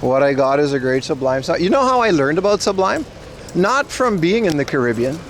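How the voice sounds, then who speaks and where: On a casual outdoor livestream, a man in his 30s cycles the city streets, rambling and answering his viewers' chat. His fairly high voice is sing-song and brisk, with slight background noise.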